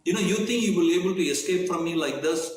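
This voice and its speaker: A furious, powerful chieftain-thief, put on by a man, pressing someone for a secret. The voice is pitched up and the room around it rings with heavy echo. He speaks with a challenging edge. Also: quick pace, distant mic, natural voice. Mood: angry. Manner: challenging, threatening. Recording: very echoey room.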